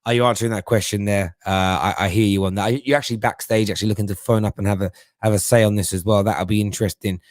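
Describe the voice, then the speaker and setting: Reading out viewer comments on his casual football fan live stream, a middle-aged host talks fast with hardly any pauses, often tripping over and repeating words while he thinks. He has a lowish, steady voice and a chatty manner. The sound is dry and studio-clean.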